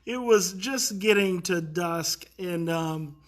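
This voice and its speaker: This middle-aged man, who teaches parenting, uses a high voice and lots of fillers as he relates a story at a moderate pace. He's casual and animated, his voice rising whenever he acts out the children's outbursts.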